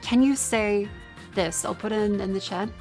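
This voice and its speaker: Rural Australian woman, group-call streamer, mid-pitched and blunt; faint music under her. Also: moderate pace, darkish tone. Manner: blunt, swears freely. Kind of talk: casual group chat.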